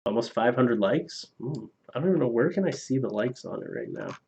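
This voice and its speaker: A man's voice: medium pitch, huge pitch swings, a little fast, gravelly, darkish tone. A man on a casual live stream reading viewer donations aloud, loose and profane, laughing at his own jokes. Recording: slightly dull lo-fi stream audio.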